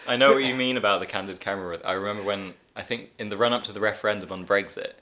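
A man's voice: lowish voice, racing. A man co-hosting a podcast, telling a rambling story in easy, casual chat. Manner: relaxed rambling anecdote. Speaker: podcast co-host.

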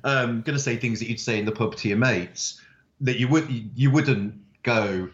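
A man's voice: mid-range voice, normal speed, echoey room, lo-fi sound. A man, a writer, chatting in an interview and telling stories with many fillers. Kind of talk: interview conversation.

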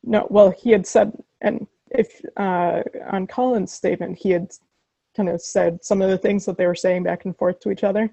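Woman, low gravelly voice, mellow tone, casual podcast chat, dry. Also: fairly even intonation, moderate pace, no room sound. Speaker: podcast co-host.

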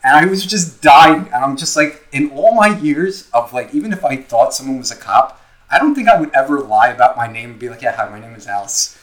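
A man's voice: mid-range voice, animated, a little fast, fairly bright tone, low-quality recording. A young man co-hosting a casual podcast, telling a story loosely and profanely with lots of filler words. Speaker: podcast co-host.

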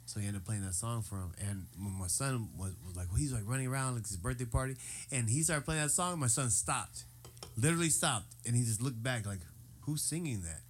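A man's voice: medium pitch, a little fast, slight background noise. Man telling a laid-back anecdote. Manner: teasing, tells long anecdotes. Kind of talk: casual chat.

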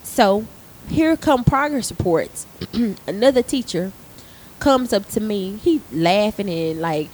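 Speaking slowly in a mid-range voice, a thirtysomething theater arts teacher swaps casual podcast talk and recounts a work story, cursing freely and performing the quotes. The recording is low quality, with a bit of background noise.

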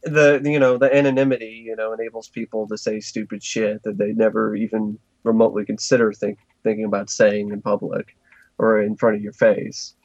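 A man's voice: on the low side, level tone, brisk, darkish tone, no room sound. Laid-back man on a dull, dry recording. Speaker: podcast co-host. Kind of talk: casual chat.

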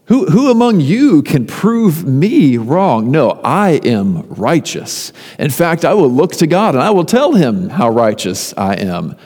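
A man's voice: a little high, big pitch swings, slow pace, hardly any pauses, a little mellow, big-room sound, pitched above the performer's own voice, heavily acted. A man voicing an indignant suffering man who insists on his innocence, in a sermon.

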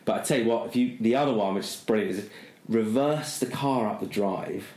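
A man's voice: lowish voice, brisk, darkish tone, reverberant. A middle-aged man, co-hosting a casual chat and telling a long self-mocking story, full of fillers. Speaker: podcast co-host.

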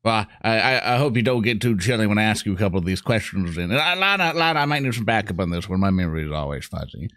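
A man playing in a tabletop game, talking in a playful and excitable way. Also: lowish voice, fast talker, few pauses, no echo, clean studio sound. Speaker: player. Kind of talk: casual tabletop game play.

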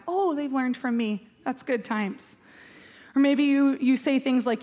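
A woman's voice: high-pitched, normal speed. A woman pastor giving a sermon in a chatty, self-mocking way, asking the room questions.

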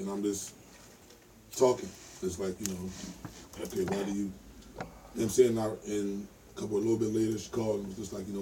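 A man's voice: lowish voice, dark tone. A man in a casual group discussion, rambling about controlling his emotions and often asking "you know what I'm saying". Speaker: podcast participant. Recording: distant mic with faint noise.

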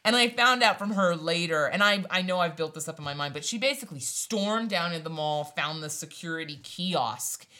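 A young adult woman tells a story in an animated, casual way. She often breaks into laughs and briefly acts out other people's voices. Her voice is fairly low, with a bright, forceful edge. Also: moderate pace, hardly any pauses. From Hawaii. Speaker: storytelling guest.

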